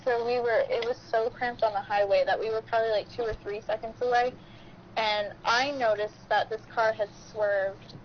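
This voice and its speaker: A woman's voice: on the high side, steady tone, moderate pace, a little hiss or hum. Chatty woman on a lo-fi podcast. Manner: chatty, heavy on "like". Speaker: podcast co-host. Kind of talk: casual storytelling chat. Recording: dull lo-fi podcast audio.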